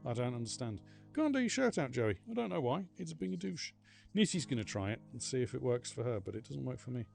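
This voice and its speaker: A man's voice: medium pitch, big pitch swings, fast talker, gravelly, a little mellow, faint music behind. A man streaming a game live, chatting casually with viewers in a rambling, self-mocking way. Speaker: livestreaming gamer. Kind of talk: casual live gameplay chat.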